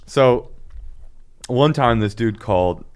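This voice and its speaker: A man, a former sign language interpreter, telling animated stories in casual chat and acting out voices. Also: mid-range voice, takes it slowly, clear, resonant tone. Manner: animated storytelling, acts out voices.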